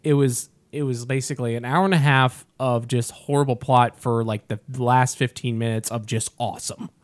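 A male podcast co-host chats casually about movies, rambling and frequently stumbling over and repeating words. His voice is mid-range with fairly even intonation, and he keeps a moderate pace.

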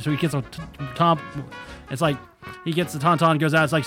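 A man's voice: fairly high pitch, steady tone, quick pace, pushed and bright, soft background music. A man co-hosting a podcast in casual chat, rambling and laughing as he retells scenes. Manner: rambling, laughs often, acts out voices. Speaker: podcast co-host.

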